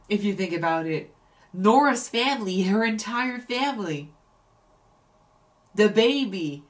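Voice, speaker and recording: A woman co-hosting a reaction chat, talking through a show thoughtfully and often restarting her sentences. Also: medium pitch. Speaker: reaction channel co-host.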